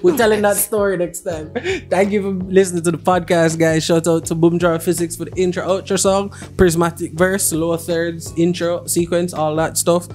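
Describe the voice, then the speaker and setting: A man hosting a podcast in casual chat, throwing in wry quick remarks and reading the closing thanks. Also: high voice, level tone, darkish tone, faint music behind. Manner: wry quick interjections, laughs along. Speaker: podcast host.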